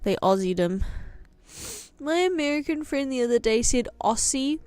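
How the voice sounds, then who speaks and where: A woman's voice: high-pitched, expressive, normal speed, a little mellow, clean tone. A tired young woman with a New Zealand accent, chatting and rambling casually while live-streaming a game late at night. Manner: chatty, rambling, self-interrupting.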